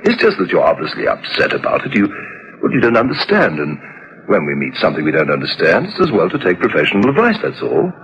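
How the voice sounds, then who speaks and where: A breezy husband with a lowish voice that swoops widely. He jokes and reassures. The old radio recording sounds dull. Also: huge pitch swings, fast talker, a bit bright, slight background noise, full character voice. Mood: reassuring. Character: brisk, reassuring young husband and father.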